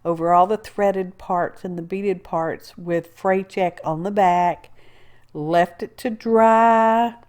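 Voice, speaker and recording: A woman's voice: lowish voice, fairly even intonation, takes it slowly, darkish tone. A woman, chatting her way through a crafting tutorial, rambling with asides and talking to herself as she works. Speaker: craft video host. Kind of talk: casual crafting tutorial narration.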